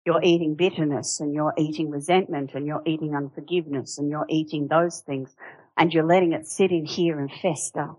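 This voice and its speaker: A woman's voice: sits low, fairly even intonation, a little fast, darkish tone, breathy edge, no echo, rough recording. A woman preaches a sermon. She talks conversationally and with animation, asking rhetorical questions, and the recording is close and dry.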